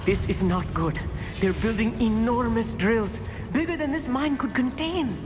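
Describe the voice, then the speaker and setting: A woman's voice: fairly high pitch, expressive, unhurried, music in the background. A woman voicing a nervous, bookish young student sidekick in a video game, speaking in a fretful, wordy, formal way.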